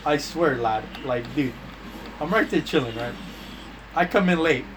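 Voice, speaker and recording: A man's voice: on the high side, unhurried, noisy background. A man casually telling long, profane anecdotes to friends, full of slang and acted-out quotes. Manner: profane, rambling anecdotes with slang like bro and dude; acts out quoted lines with voice changes. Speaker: storyteller among friends. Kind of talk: casual chat.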